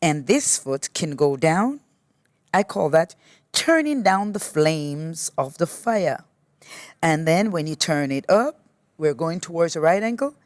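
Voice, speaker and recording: A woman teacher guiding a yoga class with patient, gently encouraging step-by-step cues. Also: low-pitched, sing-song, dry recording, clean studio sound. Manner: slow, patient step-by-step cueing. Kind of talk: guided yoga class instruction.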